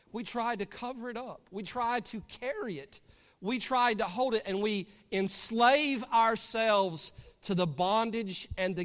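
High-voiced preacher in an echoing hall. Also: male voice, a bit bright. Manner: storytelling, building to fervent emphasis. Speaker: pastor. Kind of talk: sermon. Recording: long hall reverb.

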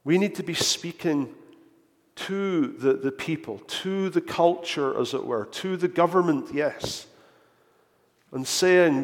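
A man's voice: fairly high pitch, slow pace. A man preaching a sermon in earnest tones, often repeating words as he builds a point, recorded in a church. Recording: echoey hall.

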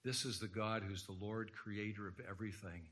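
A man's voice: on the low side, little pitch movement, normal speed, a bit bright. A man preaching an earnest sermon in a church, quoting scripture and rising to emphatic points. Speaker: guest preacher. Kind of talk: sermon lecture.

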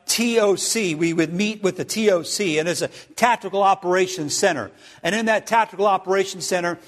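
A man's voice: high-pitched, long reverb tail. A man preaching a sermon, emphatic, spelling out words and checking in with his listeners.

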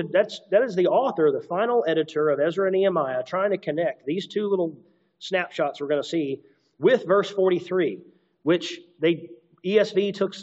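A man's voice: a little high, darkish tone, muffled recording. A man preaching an expository sermon, reading scripture aloud and adding conversational asides. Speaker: pastor.

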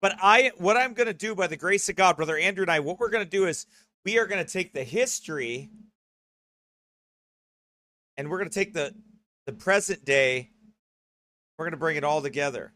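A man's voice: high voice, lively intonation, moderate pace, long pauses, sharp tone. A man hosting a broadcast, rambling casually and often checking in with "okay?" or "right?" and breaking into laughter. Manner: laughs often while talking. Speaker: host.

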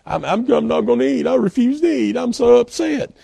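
A man's voice: very high voice, a little fast, vocal fry, dark tone, breathy edge, no room sound, voice pushed up, heavily acted. A preacher voicing a sulking grown king who whines like a pouting child. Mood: whiny. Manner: whining, pouting, self-pitying.

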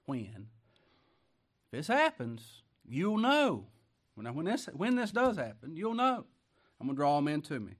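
A man preaching a sermon who reads scripture loudly and slowly, then drops to quiet asides and rhetorical questions in a folksy way. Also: huge pitch swings. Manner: swings from loud, slow scripture reading to quiet, low asides.

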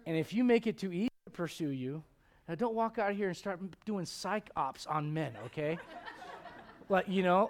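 A middle-aged man preaching a sermon to a congregation, animated and joking with the crowd, quoting God and people in playful voices. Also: sits high, normal speed. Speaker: pastor. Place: church.

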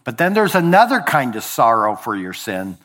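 A man preaching a sermon deliberately, slowing on key phrases and dropping low at the ends of lines, with the odd slip he corrects. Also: big pitch swings, fairly bright tone. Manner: occasional verbal slips and self-corrections. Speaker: pastor.

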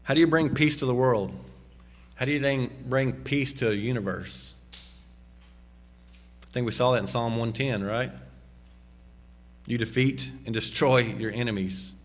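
A man preaching a sermon, slowing down and dropping low on key phrases and rising sharply when he exhorts. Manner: emphatic, slows and drops low on key phrases; rises sharply in pitch and volume when exhorting. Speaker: pastor.

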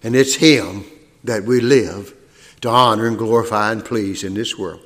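A man preaching a sermon in a church, folksy and plain-spoken, building into loud, high-pitched preaching. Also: moderate pace. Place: church sanctuary. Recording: long reverb of a church hall.

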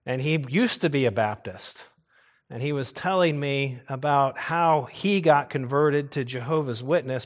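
A male pastor preaching a sermon earnestly, pressing hard on key words and now and then restarting a phrase. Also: on the high side. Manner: occasional restarts and repeated phrases.

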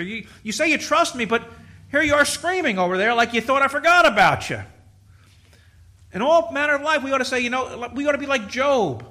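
A middle-aged man preaching a sermon, emphatic, swinging from loud exhortation to quiet, with repeated restarts. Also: very high-pitched, expressive, fairly quick.

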